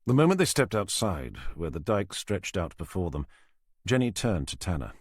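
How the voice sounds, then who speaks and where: Male narrator, low voice, lively pitch, dry close sound, scripted narration. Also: no room sound. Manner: measured, expressive storytelling. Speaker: audiobook narrator.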